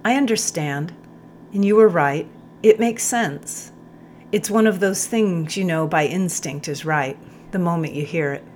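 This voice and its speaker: A woman's voice: on the low side, a little slow, darkish tone, slight background noise, close to an everyday voice. A woman voicing a sincere, thoughtful male captain in an audiobook story. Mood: earnest. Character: earnest male captain, a willing student.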